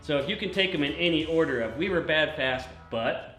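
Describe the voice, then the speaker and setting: Joking racing-show host, echoey room. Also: male voice, fairly high pitch, expressive, a little fast, pushed and bright, soft background music. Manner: joking, laughs often. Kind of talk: casual chat.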